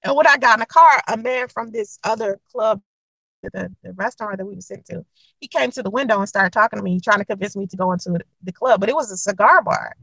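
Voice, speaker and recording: A young woman telling a dating story to camera in a blunt, profane, animated way, acting out the quotes. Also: medium pitch, fast talker, vocal fry, no echo, poor audio. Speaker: vlogger giving dating advice.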